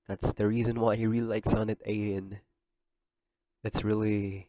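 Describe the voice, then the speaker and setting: Podcast host, young man, low register, tearful sincerity, dry close mic. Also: level tone, a little slow, pauses often, dark tone, dry recording. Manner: emotional, tearful, earnest. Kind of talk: heartfelt podcast monologue.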